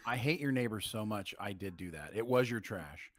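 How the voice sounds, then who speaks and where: A man's voice: lowish voice, expressive, no room sound, clean studio sound. A man co-hosting a casual podcast livestream, trading jokes and banter. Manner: joking banter, quick laughs. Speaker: podcast co-host.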